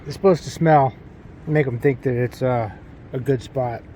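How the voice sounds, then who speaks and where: A man's voice: medium pitch, moderate pace, slight background noise. A man casually narrating his beekeeping work outdoors, rambling and breaking off to talk to his dog. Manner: relaxed, rambling, talks to his dog between steps. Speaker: beekeeping vlogger.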